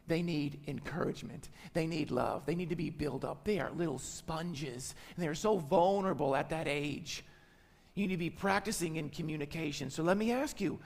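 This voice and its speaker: Pastor guy preaching loud and emphatic, high-ish gravelly voice, big hall echo. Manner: emphatic, repeats phrases for stress. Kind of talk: sermon. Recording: long hall reverb.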